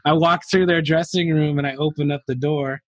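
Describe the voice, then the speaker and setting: Dude rambling through a story on a podcast, lots of likes and ums, laughs a bunch, dry close sound. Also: male voice, a little high, fairly even intonation, fairly quick, dry recording. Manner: rambling, laughs often, many fillers. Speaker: podcast guest. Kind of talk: casual anecdote telling.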